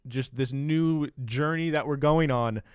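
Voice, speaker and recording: A man's voice: a little high, unhurried, clear, resonant tone, dry recording. Chatty young man, dry close sound. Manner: chatty, giggly, rambling announcements. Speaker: podcast co-host. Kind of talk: casual podcast chat.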